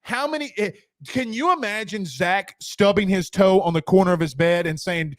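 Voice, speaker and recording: A man's voice: high-pitched, moderate pace, no room sound, studio quality. A man hosting a casual sports talk show, joking and rambling through viewer comments and repeating lines for emphasis.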